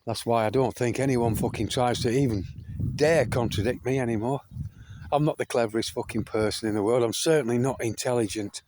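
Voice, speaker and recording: A brisk, medium-pitched older British man rants to camera against a noisy background. As a video blogger he addresses his viewers as folks again and again, swearing heavily and emphatically repeating and restarting his points.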